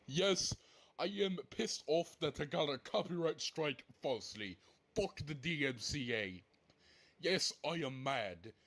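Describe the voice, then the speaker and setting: A man delivering an angry, repetitive video rant, swearing and shouting at those he blames. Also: fairly high pitch, lively intonation, a little slow. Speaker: online ranter.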